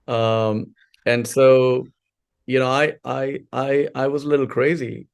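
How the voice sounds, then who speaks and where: A man in his forties from India, a podcast guest telling stories of his life in a lively, filler-heavy way. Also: mid-range voice, slow, creaky, clear, resonant tone. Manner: animated storyteller, many fillers and restarts. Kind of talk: casual interview storytelling.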